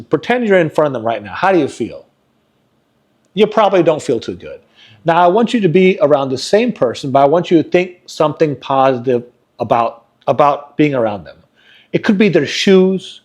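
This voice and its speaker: Lively, expressive man telling stories. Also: on the high side. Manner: earnest motivational storytelling. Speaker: podcast co-host. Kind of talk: casual podcast chat.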